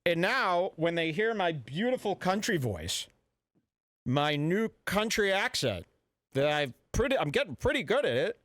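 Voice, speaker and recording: A man hosting a radio show, ranting in a brash, mock-serious and deliberately offensive way. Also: high voice, very animated, fairly bright tone, dry recording. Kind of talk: provocative comedic talk radio rant.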